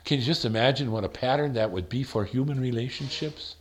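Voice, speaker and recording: A man leading a Bible study, thinking aloud with rhetorical questions and slowing down to stress the verses he reads. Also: medium pitch. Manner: slows down to stress quoted verses. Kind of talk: conversational Bible teaching.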